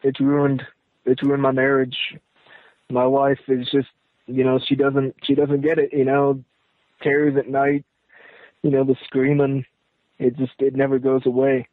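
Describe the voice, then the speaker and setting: A man calls in over a tinny phone line and speaks in halting, stammering bursts, close to tears. His voice stays flat, with little rise or fall. The line is dry, with no room sound. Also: medium pitch, no echo. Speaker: caller. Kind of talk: emotional phone call.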